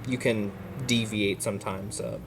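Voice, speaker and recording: A man casually commenting on a game he is playing, with a relaxed, rambling manner and lots of filler words. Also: on the low side, moderate pace, slight background noise. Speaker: let's play host.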